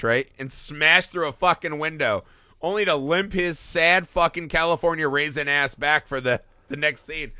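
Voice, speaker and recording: A man hosting a casual film podcast, talking in an animated, profane way and acting out movie scenes. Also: fairly high pitch, no echo, clean studio sound. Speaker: podcast host.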